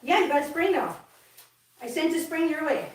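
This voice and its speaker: A woman's voice: high voice, normal speed, slight background noise. A woman chatting earnestly to her viewers and cats while she cleans up at home. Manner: earnest, baby talk to cats. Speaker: cat channel vlogger. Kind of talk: casual chat while cleaning. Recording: echoey room, from a distance.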